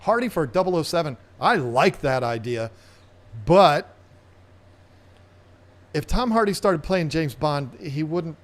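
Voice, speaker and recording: A man's voice: a little high, animated, measured pace, long pauses. Chatty man hosting an aquarium live stream. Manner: chatty, rambling, playful. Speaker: aquarium channel host. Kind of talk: casual live-stream chat.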